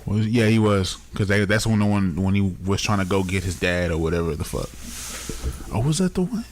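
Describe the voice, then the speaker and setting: A young man with a very deep voice co-hosts a podcast in loose, casual chat. He jokes around, laughs often and throws out blunt opinions. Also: expressive, fairly quick, a little hiss or hum. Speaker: podcast co-host.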